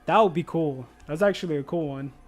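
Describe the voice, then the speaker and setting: A man's voice: on the high side, a little fast, soft background music. Chatty joking male game streamer. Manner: chatty, joking, laughs often, slips into playful Spanish. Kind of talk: casual livestream chat.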